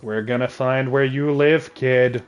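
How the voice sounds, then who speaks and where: Guy streaming from his desk, joking around, gets excited and rambles, average pitch. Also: measured pace, clear, resonant tone, highs cut off. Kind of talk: casual chat on a livestream.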